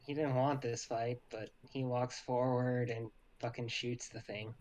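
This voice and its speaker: A man's voice: medium pitch, flat delivery, a little slow, a little mellow. A man playing in a tabletop game, describing his character's actions bluntly and swearing offhandedly. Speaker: player. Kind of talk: casual tabletop play.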